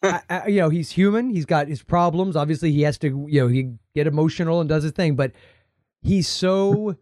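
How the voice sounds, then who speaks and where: An American man co-hosting a podcast, rambling in casual chat and slipping into quick playful impressions. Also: fairly high pitch, a little mellow, dry recording, clean studio sound. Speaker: podcast co-host.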